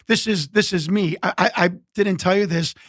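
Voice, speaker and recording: A man's voice: high-pitched, moderate pace, a bit bright, dry recording, clean studio sound. A middle-aged man from the United States, an interview guest telling rambling anecdotes full of acted-out quotes and restarts. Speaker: interview guest, former pro wrestler. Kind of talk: casual storytelling.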